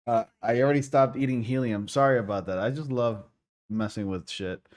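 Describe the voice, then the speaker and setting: A man's voice: mid-range voice, a little fast. A man chatting casually as a game streamer, rambling, apologetic and goofy. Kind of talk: casual livestream chat.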